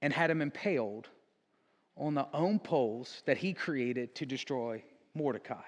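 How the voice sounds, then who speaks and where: Casual storytelling pastor, echoing church. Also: male voice, mid-range voice, unhurried. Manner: casual storytelling with frequent "like" and self-corrections. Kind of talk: sermon. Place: church sanctuary. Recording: long church hall reverb.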